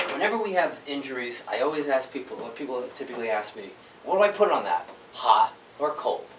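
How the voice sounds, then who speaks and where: A man's voice: a little high, slight background noise. A male chiropractor giving an informal health workshop to a small audience in an office, talking conversationally and checking in with "right?" often. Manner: animated storytelling with sound effects. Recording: echoey room, mic at a distance.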